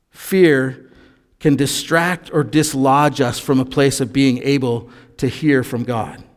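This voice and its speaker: Man preaching a sermon in a reverberant hall. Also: on the high side. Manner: conversational, reads scripture then explains it with asides. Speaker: pastor.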